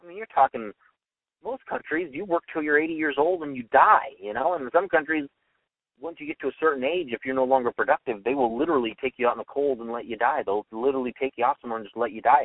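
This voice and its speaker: Fast-talking young man on a tinny line. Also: medium pitch, no room sound, recorded from a distance. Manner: argumentative, acts out quoted voices. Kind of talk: opinionated solo monologue. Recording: tinny phone-line sound from off-mic.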